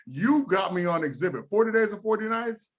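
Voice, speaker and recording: A man's voice: high voice, lively intonation, brisk. A man guesting on a podcast, talking casually with blunt, profane teasing. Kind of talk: casual chat.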